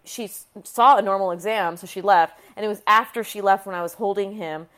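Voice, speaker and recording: A woman's voice: medium pitch, a little fast, a bit bright. A woman physician, in her thirties, telling a personal story frankly and emotionally, often restarting her sentences. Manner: frank and emotional, with frequent restarts and some profanity.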